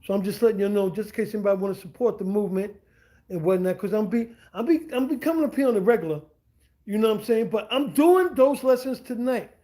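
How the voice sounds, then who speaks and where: A middle-aged man with a fairly high voice chats on a livestream from home. His tone is mellow and soft-edged, and he wanders from point to point, doubling back on his words and tossing in slangy check-ins with his viewers. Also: quick pace. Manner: rambling, repeats himself, slangy asides. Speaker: streamer and language teacher. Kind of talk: casual livestream monologue. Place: at home indoors.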